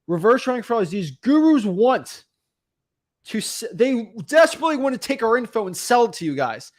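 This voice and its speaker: Energetic male podcast host, dry sound. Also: very high voice, a little fast, dry recording. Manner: energetic and emphatic, rambling with restarts. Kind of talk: casual chat.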